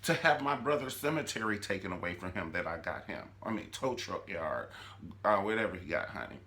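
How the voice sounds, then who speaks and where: A man voicing a brash, greedy grown woman who is fed up, with a loud, sassy, mocking delivery. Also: low-pitched, lively intonation, a little fast, full character voice. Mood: indignant.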